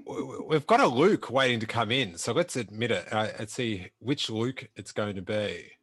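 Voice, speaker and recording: A man's voice: on the low side, animated, moderate pace, a bit bright, breathy edge, no echo. A man hosting a podcast, chatting and teasing his guest with dry chuckles. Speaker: podcast host. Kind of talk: casual chat.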